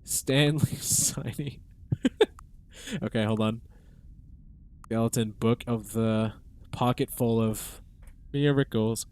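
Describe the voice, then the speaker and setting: A man's voice: medium pitch, fairly even intonation, slow pace, pauses often, a little mellow, clean tone. A man streaming a video game, chatting casually, laughing and reading on-screen words aloud. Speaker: gaming streamer. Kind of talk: casual let's-play commentary.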